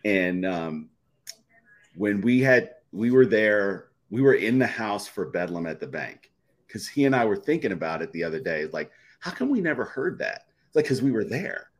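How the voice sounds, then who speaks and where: Middle-aged guy fan telling a long story, lowish voice, keeps restarting his sentences. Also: big pitch swings, normal speed. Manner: rambling, repeats and restarts phrases, emotional. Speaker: podcast guest. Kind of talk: storytelling in a live chat.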